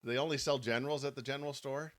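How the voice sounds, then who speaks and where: A podcast co-host runs the audience vote during a live chat, joking and laughing as he tallies listener votes. He talks fast in a steady, mid-range voice.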